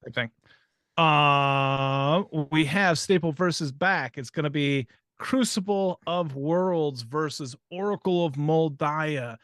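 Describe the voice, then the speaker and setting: A man's voice: fairly high pitch, slow pace, a bit bright, clear, resonant tone, dry recording. Dry, offhand male podcast co-host. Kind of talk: casual chat.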